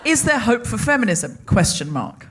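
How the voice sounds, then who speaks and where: A woman's voice: a little high, very animated, moderate pace. A woman hosting a live comedy podcast, bantering playfully through laughter. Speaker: podcast host.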